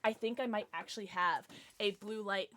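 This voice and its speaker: A young woman streams to her viewers, chatting casually and excitedly, and now and then coos at her dog in baby talk. Her voice is medium-pitched at a normal speed.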